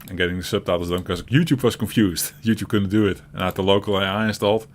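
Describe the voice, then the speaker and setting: Chuckling Dutch-accented man, lowish voice. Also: fairly even intonation, fast talker. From Netherlands. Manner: rambling and chuckly, with frequent restarts and swearing. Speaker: co-host of a gaming chat show. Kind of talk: casual chat. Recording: audible typing and background noise.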